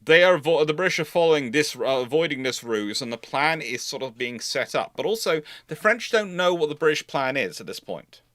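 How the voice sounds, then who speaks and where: A man's voice: on the high side, lively intonation, a little fast, hardly any pauses, fairly bright tone, dry recording, studio quality. A man hosting a livestreamed naval history lecture, talking conversationally with fillers and self-corrections and answering viewer questions.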